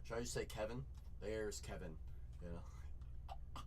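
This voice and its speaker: A man's voice: mid-range voice, big pitch swings, slow, long pauses, a bit bright. A man hosting a live card break, hyping sales in a chatty, repetitive way and saying y'all a lot. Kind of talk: live-stream sales hype.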